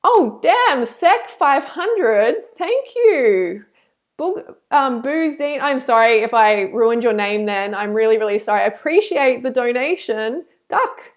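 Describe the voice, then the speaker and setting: A woman's voice: on the high side, lively intonation, unhurried. A woman hosting a live stream, chatty and effusive when thanking donors, and earnest and preachy when she campaigns. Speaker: live stream host reading super chats.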